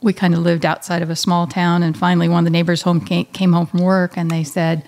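A middle-aged woman, a guest on an interview show, telling an emotional personal story in a halting, heartfelt way with many pauses and restarts. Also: fairly low pitch, flat delivery, darkish tone, a little hiss or hum. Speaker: guest, a bereaved mother.

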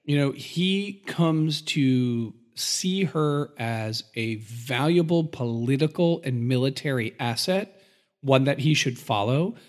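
A man co-hosting a podcast, chatting in a relaxed, agreeable way with jokey asides. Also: medium pitch, slow. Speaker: podcast co-host. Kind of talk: casual podcast discussion.

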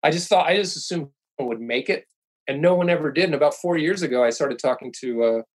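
A man's voice: a little high, quick pace, poor audio. Rambling middle-aged man telling a story. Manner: rambling storyteller, many restarts and fillers. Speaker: podcast guest. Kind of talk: casual chat.

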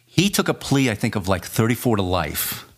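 A man's voice: fairly low pitch, moderate pace. New man telling a detective story. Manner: animated, repeats words as he talks. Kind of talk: casual storytelling chat.

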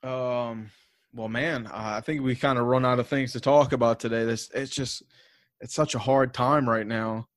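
A man's voice: mid-range voice, fairly even intonation, moderate pace, no room sound, clean studio sound. A man with a Southern American accent hosting a casual podcast, telling stories in a rambling, profane way full of "like" and laughter. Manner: rambling, profane, filler-heavy storytelling with frequent laughs. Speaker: podcast host.

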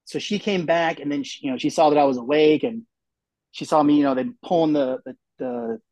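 Male guest, lively storyteller, slightly high pitch, close dry mic. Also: a little fast, no room sound, low-quality recording. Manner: animated storyteller acting out quotes. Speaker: guest telling his story. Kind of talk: casual podcast conversation.

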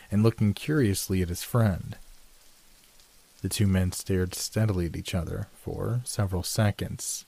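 A man reading a classic ghost story aloud, in measured storytelling narration. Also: gravelly, a little mellow, husky. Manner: measured storytelling, lifts pitch for dialogue. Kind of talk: scripted audiobook narration.

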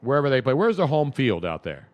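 A man's voice: medium pitch, big pitch swings, quick pace, darkish tone, dull audio. A man hosting a sports talk radio show, telling long rambling stories and laughing as he talks. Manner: rambling storyteller, laughs while talking.

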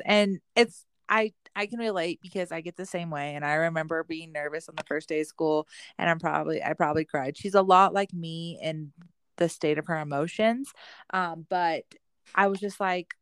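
Mom in her 30s telling kid stories, low smooth voice, dry sound. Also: moderate pace, a bit bright, no echo. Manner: chatty storyteller, acts out her kids' voices. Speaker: podcast co-host, mother. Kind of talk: casual chat.

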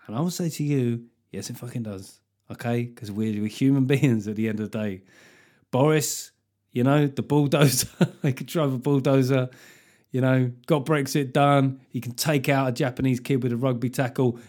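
A man's voice: mid-range voice, steady tone, normal speed, darkish tone. A man hosting a podcast, ranting comically with lots of swearing and sardonic asides while reading out listener reviews. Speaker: podcast host.

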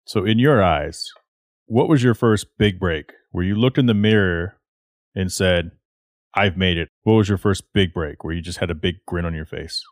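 Man, podcast host, low voice, dry close sound, friendly short replies. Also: moderate pace, no room sound. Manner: friendly, brief agreeing replies. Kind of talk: casual podcast interview.

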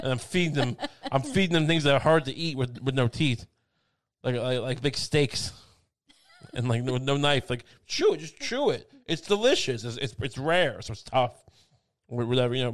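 A man's voice: mid-range voice, fairly quick. A man co-hosting a podcast, riffing with crude, profane jokes in casual chat.

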